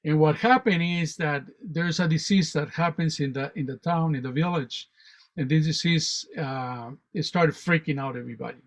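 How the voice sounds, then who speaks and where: A man, a guest on a spiritual talk show, telling stories in an animated, rambling way and often repeating words. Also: a little high, normal speed. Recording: dull lo-fi online radio audio.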